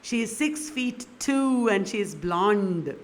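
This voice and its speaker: Slow, chatty woman literature lecturer. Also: medium pitch, expressive. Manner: chatty, asks students questions and laughs often.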